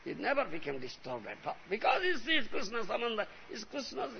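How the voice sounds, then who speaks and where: A man gives an emphatic devotional sermon. He constantly checks in with his listeners. His high, gravelly voice swings widely in pitch, heard on a dull recording with a faint hiss. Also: big pitch swings, a little fast, hardly any pauses. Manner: emphatic, frequently asks "huh?" and "you understand?". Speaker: spiritual teacher.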